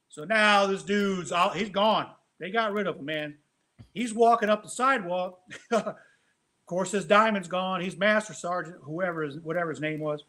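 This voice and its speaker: A man, a former army first sergeant, telling a story on a casual podcast in an animated, profane way, tossing in "man" constantly. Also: high-pitched.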